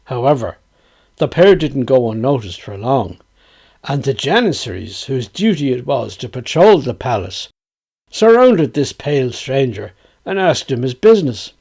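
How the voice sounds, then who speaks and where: A man with a Dublin accent reciting a tale in a measured, storytelling manner. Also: medium pitch, very animated, gravelly, a little mellow, breathy edge.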